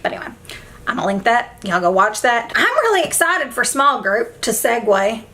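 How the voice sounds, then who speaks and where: Young woman, fairly high pitch, emotional, effusive, rambling, casual makeup chat at home. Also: big pitch swings, moderate pace, bright, forceful tone, slight background noise. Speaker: beauty vlogger. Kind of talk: casual get-ready-with-me chat. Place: at home, indoors.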